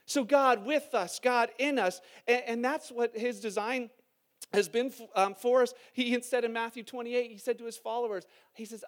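A man with a strikingly high voice preaches to his congregation in church. He talks in a lively, conversational way, asking the room questions and telling humorous family stories. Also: normal speed. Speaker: pastor. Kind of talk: sermon. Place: church hall before a congregation.

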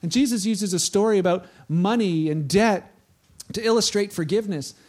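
Guy preaching, high pitched for a man, casual chatty sermon with lots of like. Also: moderate pace, darkish tone. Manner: conversational, chatty, with frequent "like" asides. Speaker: pastor.

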